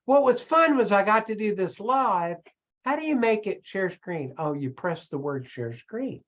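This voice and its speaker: A man coaching an audience in a loose live-streamed talk, animated and self-mocking, often slipping into other voices. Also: high voice, measured pace, highs cut off. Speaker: online business coach.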